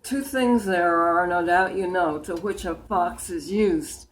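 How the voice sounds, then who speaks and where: A woman of about a hundred reciting humorous poems from memory, in a deliberate way with small slips and restarts. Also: on the low side, rough recording. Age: about 100.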